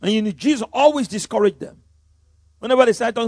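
A male pastor preaching a sermon, swinging from loud exclamations to hushed storytelling. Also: very high-pitched, quick pace, dry recording.

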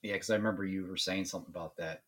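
A man's voice: deep voice, fairly even intonation, very fast, a bit bright. A man co-hosting a paranormal podcast, mostly giving short agreeing replies and musing on history. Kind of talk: casual chat.

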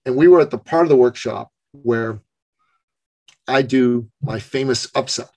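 A man's voice: medium pitch, measured pace, low-quality recording. A man, a business coach, telling a personal story as a podcast guest. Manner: gravelly, animated storyteller. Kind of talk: storytelling in an interview.

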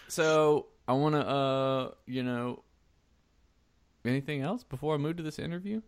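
A man's voice: on the high side, moderate pace, clean tone, no room sound. A man hosting a podcast in casual chat, joking around and laughing often. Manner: joking, laughs often, breaks into mock singing. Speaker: podcast host.

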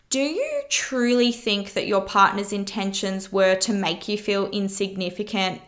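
A woman's voice: a little high, fairly bright tone. A woman hosting her podcast, giving frank relationship advice in a casual monologue, swearing freely and asking rhetorical questions. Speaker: podcast host.

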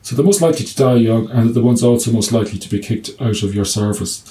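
A middle-aged man, a doctor, talks through his clinic work in a relaxed interview. His voice is warm and mellow, and he often trips over restarts before settling into stories told with dry humour. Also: medium pitch, fast talker. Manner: hesitant restarts, anecdotes with quoted dialogue and humour. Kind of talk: conversational interview answer.

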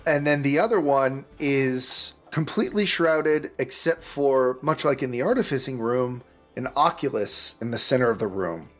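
A man narrating a tabletop game as game master, relaxed and a bit hesitant, with frequent restarts. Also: medium pitch, normal speed, soft background music.

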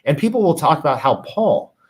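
A man's voice: a little high, very animated, fairly quick. A man teaching on ancient religious texts, reading passages aloud and then explaining them in a casual, filler-laden way. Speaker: bible teacher.

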